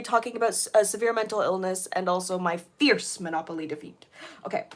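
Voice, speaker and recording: A young woman chatting on a casual livestream while sorting jewelry, bubbly and playful, her voice a little hoarse. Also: medium pitch, a little fast, a little hiss or hum. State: slightly hoarse.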